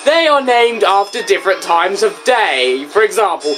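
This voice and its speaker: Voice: mid-range voice, expressive, moderate pace, a bit bright. A game reviewer giving casual, goofy, rambling commentary with self-mocking asides. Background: game music.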